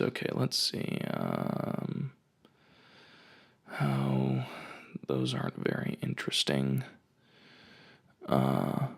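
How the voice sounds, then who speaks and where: A man with a heavily gravelly, creaky voice hosts a casual comedic podcast from his house. He rambles through stories and riffs with a jokey, ranting edge, speaking into a home microphone at a middle pitch. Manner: ranting, jokey storytelling with asides. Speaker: podcast host.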